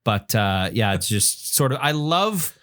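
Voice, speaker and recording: A man's voice: mid-range voice, big pitch swings, a little slow, a bit bright. A man, co-hosting a podcast in a casual, rambling, profane chat. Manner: rambling, profane, laughs easily. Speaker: podcast co-host.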